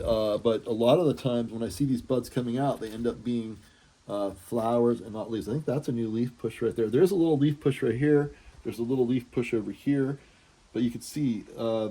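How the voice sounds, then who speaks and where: A man's voice: mid-range voice, warm tone, husky. A man giving a casual walk-through of his balcony plants, chatty and self-deprecating, thinking aloud with fillers. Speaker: plant grower showing his balcony mango trees. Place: outdoors on a balcony.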